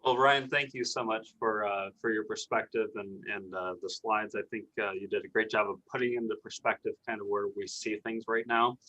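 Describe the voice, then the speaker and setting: Male advisor-host on a video call, measured and plain, reading questions. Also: on the low side, fairly even intonation, pushed and bright, rough recording. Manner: measured, with fillers like "um".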